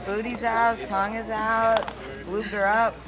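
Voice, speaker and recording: A woman in her thirties, a singer on a music video set, talking briskly and playfully as she sets up the next take. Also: on the high side, flat delivery. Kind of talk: casual behind-the-scenes chat. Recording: set chatter and crowd noise behind. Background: crowd.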